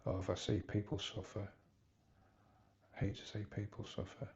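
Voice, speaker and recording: Gravelly-voiced man, halting and hesitant. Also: on the low side, little pitch movement, darkish tone, lo-fi sound, slight background noise. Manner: hesitant, halting, rambling with restarts. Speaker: vlogger. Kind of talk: personal confessional vlog.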